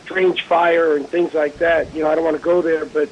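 A man's voice: a little high, little pitch movement, moderate pace. A man calling in to a radio show, hesitant and searching for words. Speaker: caller. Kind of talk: phone-in question. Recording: muffled lo-fi line with hiss.

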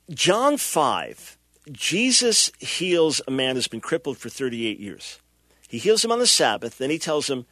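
A man's voice: mid-range voice, very animated, a little slow, sharp tone, no echo, studio quality. A middle-aged man hosting a radio talk show, preaching with impassioned, emphatic delivery and acting out the people he quotes.

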